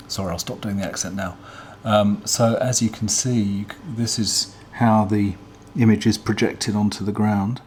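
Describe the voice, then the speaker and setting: A man hosting a casual teardown demonstration, talking in a relaxed, hesitant way with frequent ums as he explains. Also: lowish voice, moderate pace, few pauses, a little hiss or hum. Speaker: vlog host.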